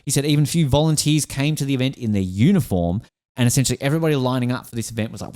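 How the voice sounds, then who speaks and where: An Australian man hosting a podcast, talking quickly and eagerly. He gets emotional and stumbles through restarts as he chats in a casual way. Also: medium pitch, expressive, a little mellow. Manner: enthusiastic, emotional, many restarts. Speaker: podcast host.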